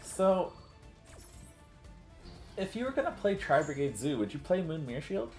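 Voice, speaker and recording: A man's voice: on the high side, very animated, normal speed. A man chats through a card game match as co-host, rambling along with plenty of filler words. His voice sits in a roomy, echoing space. Faint music plays underneath. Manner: chatty, rambling with many "like" fillers. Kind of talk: casual game commentary. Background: faint background music.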